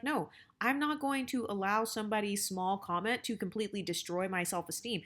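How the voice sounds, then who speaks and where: A woman's voice: medium pitch, fairly bright tone. A woman hosting her channel, reading viewer comments aloud and answering them with emphatic, argumentative rhetorical questions. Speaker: channel host.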